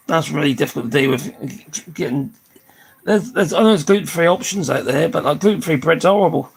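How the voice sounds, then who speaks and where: Older live-stream host, gravelly and husky, tired and hoarse, chatty and prone to casual swearing. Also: medium pitch, low-quality recording. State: tired, losing voice.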